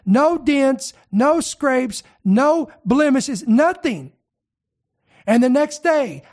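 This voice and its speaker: A middle-aged preacher man, telling a testimony story in a fervent sermon and building to emphatic declarations. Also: very high-pitched.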